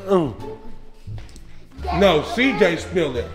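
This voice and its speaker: Man, thirties, loud, dramatic, playful family vlogger, high voice. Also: sing-song, slow pace, music in the background. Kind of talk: casual family vlog.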